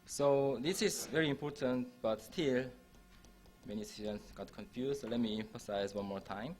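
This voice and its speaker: Male university lecturer, mid-pitched voice, patient and repetitive classroom explaining. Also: normal speed, darkish tone, soft background music. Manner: repeats and restarts phrases while explaining.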